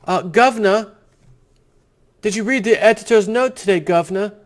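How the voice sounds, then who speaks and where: A simpering yes-man bowing and scraping before his boss, as a man puts him on. The voice climbs high and bright, all mock politeness with a sarcastic edge. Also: moderate pace, lightly acted. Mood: sneeringly servile. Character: fawning, overeager male underling toadying to a governor.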